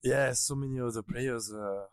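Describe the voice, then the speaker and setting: A young man from France with a French accent, a guest in a casual interview, speaking halting English as he searches for words. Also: mid-range voice, clean tone, dry recording, clean studio sound.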